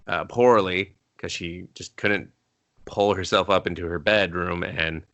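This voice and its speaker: A man co-hosts a casual movie review podcast with a bright, forward voice. He swears freely and acts out lines from the film to get laughs. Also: low voice, fairly even intonation, unhurried, dull audio. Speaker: podcast co-host.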